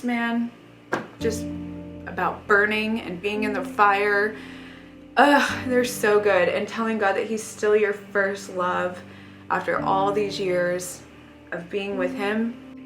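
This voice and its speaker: Earnest young woman in an echoey room. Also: medium pitch. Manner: earnest and emotional, many "like" fillers. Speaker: vlogger. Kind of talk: casual personal life update. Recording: echoey room with faint music.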